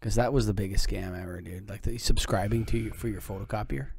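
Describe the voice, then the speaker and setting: A brash, chatty man hosting a podcast who calls everyone dude. He talks very fast in a gravelly voice at a middling pitch. The recording is dry and close-miked. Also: a little mellow, no echo. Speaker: podcast host. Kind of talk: casual interview chat.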